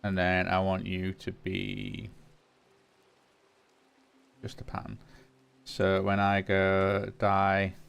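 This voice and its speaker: Low-voiced man musing over gameplay. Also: creaky, clear, resonant tone. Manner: muses aloud, talks to game items. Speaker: gaming channel host. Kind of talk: casual gameplay commentary.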